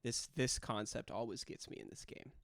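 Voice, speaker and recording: A man's voice: mid-range voice, steady tone, normal speed, gravelly, no echo, in a whisper, studio quality. Casual man running a tabletop game. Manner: casual, with frequent fillers and self-corrections. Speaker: game master.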